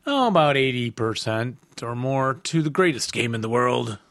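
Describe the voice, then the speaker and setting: A man's voice: mid-range voice, animated, moderate pace, fairly bright tone, no echo. A man co-hosting a podcast, joking around and doing hammy announcer-style intros in casual banter. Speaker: podcast co-host.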